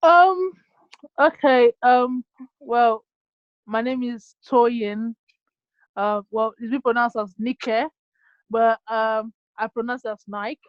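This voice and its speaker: A young woman from Nigeria, a bit high-voiced, talks through a dull, muffled video call. She pauses often with ums and restarts her sentences as she answers. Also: dry recording. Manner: hesitant, many ums and restarts. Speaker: guest QA engineer. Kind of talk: casual online interview.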